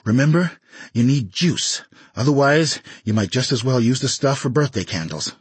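A husky-voiced man voicing a crude, bossy middle-aged explosives seller who teases a lot, in a dry recording. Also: mid-range voice, lively intonation, moderate pace, dry recording, voice pushed up. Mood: matter-of-fact.

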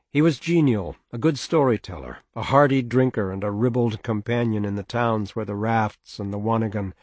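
Steady male audiobook narrator, dry sound. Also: fairly low pitch, no echo.

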